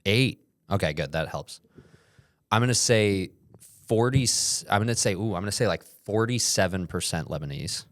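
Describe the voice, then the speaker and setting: A young man with a very low, deep voice rambles through a casual podcast chat. The sound is dry and close, with no room around it, and now and then he bursts into loud, joking yells. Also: lively intonation, normal speed, dry recording. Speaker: podcast co-host.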